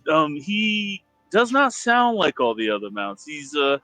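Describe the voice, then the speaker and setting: Guy at a tabletop game, slow and halting, lots of uh, dry close sound. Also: fairly high pitch, very animated, pushed and bright, no echo, faint music behind, low-quality recording. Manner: halting, many fillers. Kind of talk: describing his character.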